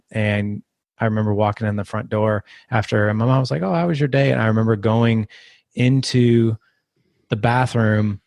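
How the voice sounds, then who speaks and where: A man on a podcast as a guest, telling a personal story in an earnest, halting way with many restarts. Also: fairly low pitch, a little mellow, no room sound.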